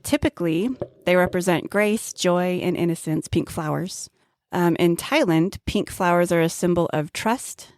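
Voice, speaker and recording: A woman with a low, gravelly voice co-hosts a casual podcast chat. She teases her co-host and reads from her notes, and the sound is dry and close. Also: moderate pace, a little mellow, no echo. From grew up near Mount Graham, Arizona. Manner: teasing, reads out notes on flower meanings.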